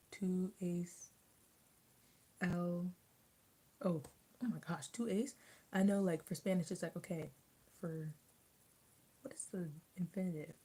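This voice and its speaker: This young adult vlogger's voice is lowish and mellow with a breathy edge, heard on a low-quality recording. She eats and chats casually in mukbang style, rambling with many restarts and likes.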